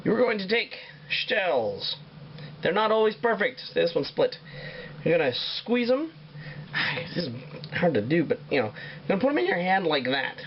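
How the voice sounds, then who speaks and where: A man's voice: sits high, very animated, normal speed, muffled recording, slight background noise. A man hosting a casual home cooking show, swearing and joking as he talks. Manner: profane, joking, rambling. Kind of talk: casual cooking demo with crude jokes. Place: home kitchen.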